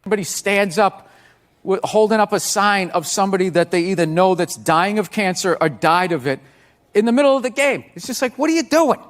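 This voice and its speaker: A man's voice: high-pitched, expressive, fairly quick. A man ranting in exasperated comic style as a talk show guest. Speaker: comedian guest. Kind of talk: stand-up style rant. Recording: noisy clip with loud audience.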